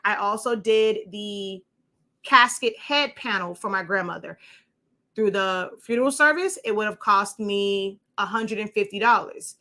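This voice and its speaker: A woman's voice: medium pitch, a little slow, bright, forceful tone. A woman hosting a casual crafting walkthrough, chatty and rambling as she shows her printed projects. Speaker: crafting show host.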